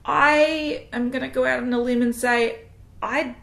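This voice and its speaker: A woman's voice: high-pitched, steady tone, moderate pace, vocal fry, a bit bright. A woman co-hosting a casual makeup chat, frank and chatty with many ums. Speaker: beauty co-host. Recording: roomy echo.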